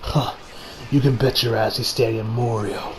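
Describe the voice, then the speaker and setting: A man voicing a stoic, unflappable tough young man in a low, flat, clipped delivery while retelling an anime scene. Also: moderate pace, lightly acted, rough recording. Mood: grim.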